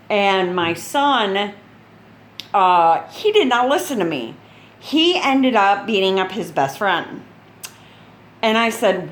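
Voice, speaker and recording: A woman's voice: medium pitch, expressive, measured pace, a little hiss or hum. An older woman chatting casually in a video update, rambling and blunt and laughing at her own stories. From Chicago. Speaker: gaming channel host.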